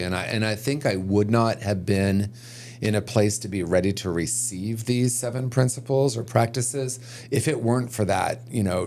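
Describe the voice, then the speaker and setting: A man with a low, deep voice talks as a guest in a podcast interview. He sounds reflective and earnest, working through his thoughts aloud and restarting sentences as he goes. A faint background noise sits under his voice. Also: darkish tone. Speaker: guest, recovery author.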